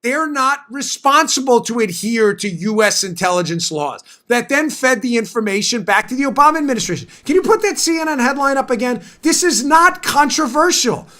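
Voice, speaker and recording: High-voiced emphatic male talk show host. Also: lively intonation, sharp tone. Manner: emphatic, repeats points for stress, quick asides. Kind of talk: political commentary talk show.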